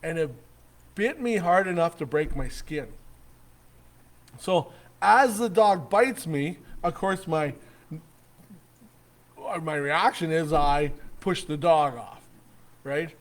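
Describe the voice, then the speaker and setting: A man from Canada tells a story in a casual, rambling way, often stopping to restart his sentences and breaking into chuckles. His voice sits a touch higher than most men's, and he sounds middle-aged and animated. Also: takes it slowly, pauses often. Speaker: host.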